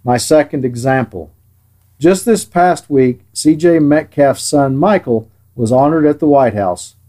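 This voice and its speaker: Mellow-voiced man preaching a sermon. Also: fairly high pitch. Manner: measured, earnest, dryly sarcastic at times. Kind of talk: sermon read from a script.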